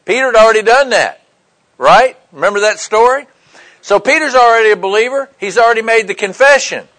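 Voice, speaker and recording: A man's voice: sits high, animated, fairly quick, a bit bright, low-quality recording. A man preaching a sermon in a conversational, emphatic way, often checking in with his listeners. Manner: conversational preaching with frequent "right?" and "okay" check-ins.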